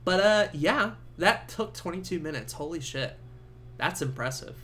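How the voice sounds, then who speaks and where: A man's voice: on the high side, normal speed. A young man hosting a podcast, giving a casual movie review full of swearing and laughter. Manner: swearing, laughing, animated storytelling. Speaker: podcast host.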